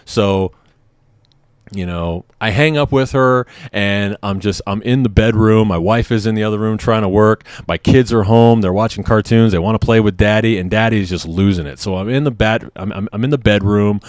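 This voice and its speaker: A man's voice: fairly low pitch, moderate pace, clear, resonant tone, no echo, studio quality. A man in his thirties, a service member, venting in a confessional vlog in an emotional, agitated and profane way. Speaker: military member vlogger.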